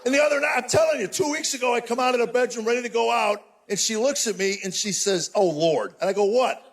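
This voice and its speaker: High-voiced comedian in his sixties. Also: steady tone, fast talker, creaky. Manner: exasperated storytelling, punchy with mock outrage. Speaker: stand-up comedian. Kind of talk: stand-up comedy routine. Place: live comedy stage.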